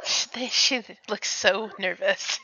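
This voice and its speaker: A woman's voice: mid-range voice, slow, bright, forceful tone, poor audio. A woman who laughs often, joking playfully while commenting on a film with her sister. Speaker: podcast co-host. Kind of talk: casual movie commentary.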